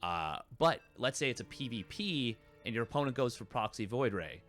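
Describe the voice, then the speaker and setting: A man's voice: medium pitch, lively intonation, normal speed, fairly bright tone, soft background music. A man casting a live esports match, rambling and correcting himself with lots of fillers. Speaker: esports caster. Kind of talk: live game commentary.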